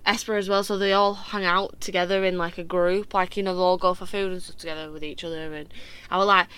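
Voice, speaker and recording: A woman co-hosting a casual podcast chat, gushing and excitable as she talks about her favourite acts. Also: lowish voice, fast, clear, resonant tone, dry recording. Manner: gushing and excitable fan talk. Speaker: podcast co-host.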